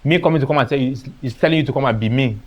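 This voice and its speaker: A Nigerian-accented man gives a motivational seminar talk as an artist, speaking rapid-fire at medium pitch. He tells stories, acts out dialogue, and drops into Pidgin phrases.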